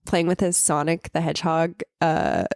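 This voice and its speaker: A woman's voice: sits low, flat delivery, normal speed, vocal fry, darkish tone, no echo, studio quality. A brash, competitive woman who swears a lot, in casual podcast banter. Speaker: guest.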